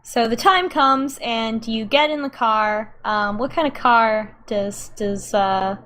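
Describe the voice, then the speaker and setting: A woman's voice: fairly high pitch, takes it slowly, fairly bright tone. A woman narrating as game master in a tabletop role-playing game, rambling and hesitant.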